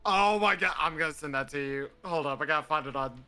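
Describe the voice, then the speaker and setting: A man chatting casually on a live stream, retelling a movie scene in an animated way and laughing often. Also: fairly high pitch, quick pace, clear, resonant tone, soft background music. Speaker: streamer co-host. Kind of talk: casual chat.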